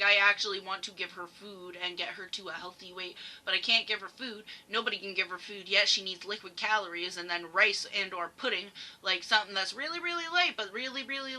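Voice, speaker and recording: Just typing: woman reacting on camera, super bright tone, rambling and angry, cusses a lot. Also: medium pitch. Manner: heated, swears often, rambling. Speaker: reaction video host. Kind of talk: emotional commentary rant.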